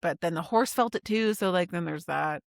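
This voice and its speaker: A woman's voice: on the low side, normal speed, gravelly, no room sound, clean studio sound. A woman co-hosting a book podcast, reading out her notes and acting out the characters' lines in a casual chat. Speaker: podcast co-host.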